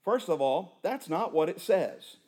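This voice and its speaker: Impassioned preacher man, swinging loud and hushed. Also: animated, unhurried, husky. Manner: impassioned preaching, swinging between loud emphatic peaks and low hushed lines. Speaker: pastor. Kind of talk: sermon.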